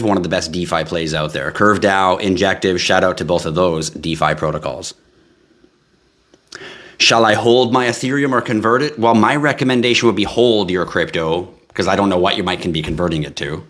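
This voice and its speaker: A man's voice: low voice, fairly bright tone. A man hosting a casual live stream, reading out viewer questions and answering them in a blunt, offhand, joking way.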